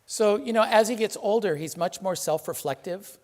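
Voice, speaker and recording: A reverend gives a relaxed, chatty sermon, joking with his congregation and pausing on plenty of fillers. His voice sits a little high for a man. The sound rings with the long reverb of a temple hall. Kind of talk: casual sermon.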